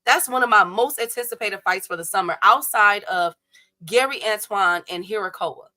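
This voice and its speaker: A young woman hosting a casual boxing livestream, talking straight to her chat viewers in a blunt, animated, slangy way. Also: medium pitch, normal speed.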